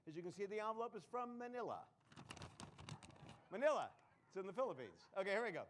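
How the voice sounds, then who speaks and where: A man's voice: high voice, very animated, quick pace, a little hiss or hum. A man performing a comedy magic act on a live stage, full of puns and self-mocking jokes. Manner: punning, self-mocking, jokey.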